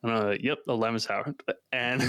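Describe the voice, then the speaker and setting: A man's voice: mid-range voice, a bit bright, clean tone, no room sound, clean studio sound. A man co-hosting a podcast, chatting casually in a laid-back, joking way. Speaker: podcast co-host. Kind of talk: casual chat.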